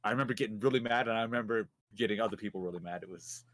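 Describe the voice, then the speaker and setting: A man's voice: on the low side, very fast, a bit bright. A young man co-hosting a casual gaming chat, teasing his co-hosts in a playful, mock-stern way. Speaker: podcast co-host.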